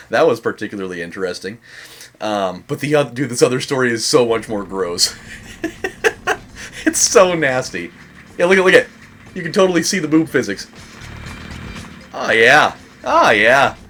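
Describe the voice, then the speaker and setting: A young man hosting a let's play, rambling through a story with frequent laughs and excited bursts at the game. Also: medium pitch, a little hiss or hum. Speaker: gaming channel host. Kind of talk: casual let's play commentary.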